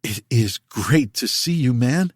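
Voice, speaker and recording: A male narrator puts on a laid-back, friendly man with a smooth Californian drawl touched by Louisiana, calming a hurt friend. The voice sits noticeably higher than the narration and carries a little more push. Audiobook recording, dry and close. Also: slow, no echo. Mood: explaining. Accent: Californian with a slight Louisiana lilt. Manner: soothing, reassuring. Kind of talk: audiobook character voice.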